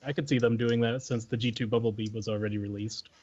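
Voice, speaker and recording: A man's voice: medium pitch, steady tone, fast, a little mellow, a little hiss or hum. A man hosting a podcast, casually moving the group through news topics with some fillers. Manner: moderating, leading topics with fillers. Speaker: podcast host. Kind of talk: casual chat. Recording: dull lo-fi podcast audio.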